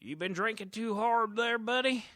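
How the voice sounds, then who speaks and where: A scraggly, wary middle-aged man from an alley, as a man puts him on speaks in a raised, bright, pushy tone that stumbles over its own restarts. He sounds nervous in a tabletop game scene. The recording is close and dry. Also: sits high, moderate pace, no room sound, voice pushed up. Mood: gruff.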